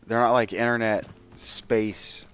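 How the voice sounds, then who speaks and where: A man with a lowish voice talks unhurriedly while he plays, rambling and thinking out loud. He swears casually and drifts between near-whispers and sudden louder bursts. Faint music plays behind him. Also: steady tone, slow, clean tone. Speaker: streamer. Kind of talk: casual gaming livestream chat.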